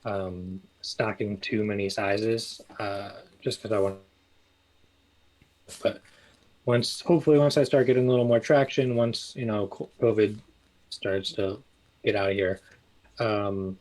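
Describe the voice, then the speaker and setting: Man, low-ish voice, rambling guest talking shop. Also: a little slow, pauses often, rough recording. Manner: relaxed, rambling with many fillers and restarts. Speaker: guest, small clothing business owner. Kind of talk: casual interview chat.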